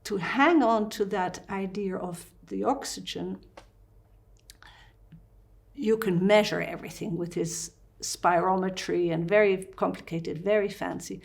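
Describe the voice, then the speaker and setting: A woman with a Dutch accent talks as a doctor in an interview. Her voice sits in a middle pitch, and she explains step by step, livening it up with small acted-out asides. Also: gravelly. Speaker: fasting doctor.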